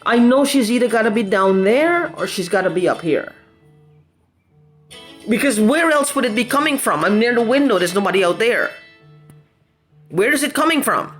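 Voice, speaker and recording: Someone records a heated solo video rant, speaking with neither a high nor a low voice. The talk rambles and circles back, stacking up repeated questions and swearing in anger. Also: animated, normal speed, long pauses, fairly bright tone, soft background music. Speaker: vlogger. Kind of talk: agitated personal video rant.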